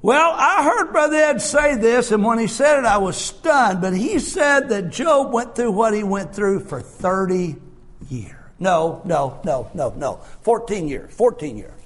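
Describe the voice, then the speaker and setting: A man preaching a sermon, shouting his points with drawn-out "uh" fillers, then dropping to soft, low asides. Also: expressive.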